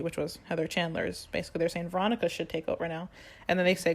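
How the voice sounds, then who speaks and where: A young woman chatting casually on a podcast, retelling a musical's plot with lively quoted lines. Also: lowish voice, quick pace. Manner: animated storytelling, acts out quoted lines. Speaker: podcast co-host. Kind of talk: casual chat recapping a musical.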